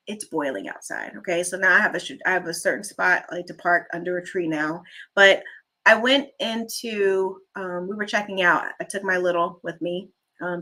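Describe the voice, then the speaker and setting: Her lowish voice carries a bright, forward edge as she hosts a relaxed, chatty livestream. Moving from one story to another, she stops now and then to read viewers' comments aloud and thank them.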